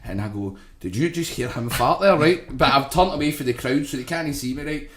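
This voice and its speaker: A man's voice: mid-range voice, brisk, a bit bright, echoey room. A Scottish man on a podcast, telling a rowdy story in casual chat, swearing, laughing as he goes and ending his lines with "right?". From Scotland.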